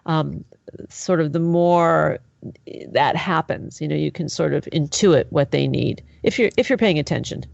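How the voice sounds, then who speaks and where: A woman's voice: deep voice, a little slow, creaky, a little mellow, dry recording, muffled recording. A woman hosting a podcast interview, talking enthusiastically and affirming her guest. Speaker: podcast host. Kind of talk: conversational interview.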